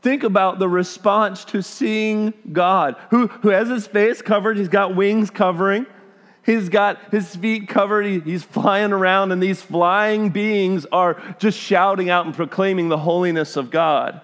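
A man's voice: sits high, steady tone, a little slow, a bit bright. A middle-aged man preaching a sermon, reading scripture and acting out reactions with emphatic exclamations.

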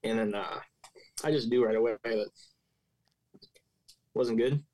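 A man on a panel, sharing a personal story in a halting, hesitant way. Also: lowish voice, darkish tone, dry recording. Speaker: panel guest, grieving sibling. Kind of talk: personal account in a panel conversation.

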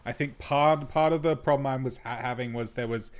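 Male co-host, mid-range voice, easygoing halting chat. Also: mid-range voice, fairly even intonation. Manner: halting, many restarts and fillers. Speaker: podcast co-host. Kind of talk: casual chat.

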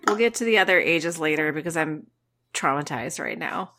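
A woman's voice: low-pitched, lively intonation, normal speed, pushed and bright, a little hiss or hum. A woman co-hosting a casual podcast chat, dramatic, sighing and stammering as she thinks aloud. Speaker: podcast co-host.

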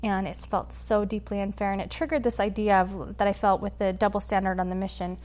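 A woman guest on a podcast, telling a personal story in a quick, animated way and acting out what others said. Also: mid-range voice. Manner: animated, quick storyteller who acts out quotes. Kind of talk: conversational storytelling interview.

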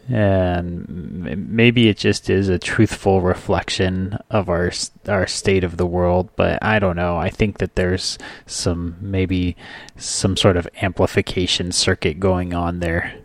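A low-pitched man chats easily as a podcast co-host, joking and rambling. His voice is close and dry, with no room sound. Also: creaky, dry recording. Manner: easygoing, joking, chatty. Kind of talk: casual chat.

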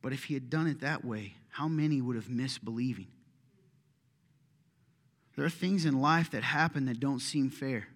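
A man's voice: medium pitch, normal speed, pauses often, fairly bright tone. A middle-aged man preaching a sermon as a pastor, conversational and impassioned, acting out prayers and complaints aloud.

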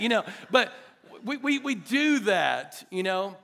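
A middle-aged man preaching a sermon to his church, animated and chatty, joking with the congregation. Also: high voice, measured pace, vocal fry. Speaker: pastor. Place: church hall.

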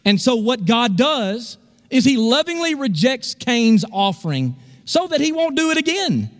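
A man's voice: very high-pitched, big pitch swings, measured pace, big-room sound. A male pastor preaching a sermon in a church, emphatic and asking the congregation questions. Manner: emphatic, call-and-response questions.

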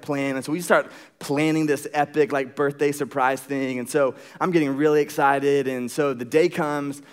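A young adult man giving a sermon, telling a personal story in an animated way, acting out quotes and using many fillers. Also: medium pitch. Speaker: pastor.

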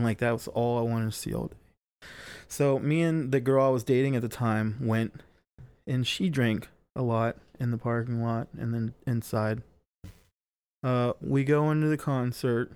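A man's voice: mid-range voice, fairly even intonation, measured pace, darkish tone, smooth. A young man telling a long story in casual podcast chat, rambling with many fillers and frequent swearing.

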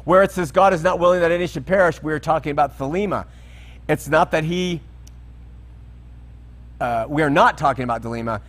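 A man's voice: fairly high pitch, fairly quick, pauses often, a bit bright. A man preaching a sermon, teaching through Bible verses with emphatic, questioning delivery.

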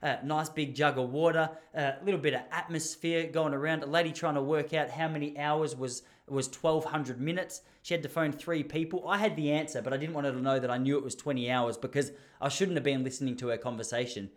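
A man's voice: a little high, steady tone, fairly quick, hardly any pauses. A young Australian man rambles through a story in easy, chatty monologue. His voice sits slightly above the middle for a man, and he restarts phrases often as he goes. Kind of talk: casual monologue.

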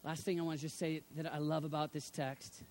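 A middle-aged man preaching a sermon, swinging from hushed, low passages to loud, shouted appeals. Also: little pitch movement, brisk, a little hiss or hum.

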